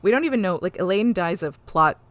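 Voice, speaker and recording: Woman podcast host, lower voice, loose and profane, animated retelling. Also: fairly quick. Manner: swears freely, animated retelling with quoted lines. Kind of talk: casual chat recapping an episode.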